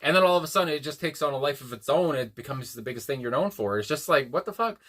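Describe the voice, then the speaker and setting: A man's voice: medium pitch, fast talker, fairly bright tone. A man hosting a casual music reaction, rambling with lots of fillers and restarts and the occasional swear. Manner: rambling, many fillers and restarts, laughs to himself.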